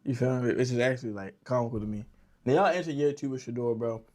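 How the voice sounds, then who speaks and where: A man's voice: medium pitch, fast, a little mellow. Slangy male interviewer, casual. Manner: slangy, says "you feel me" often. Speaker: podcast interviewer.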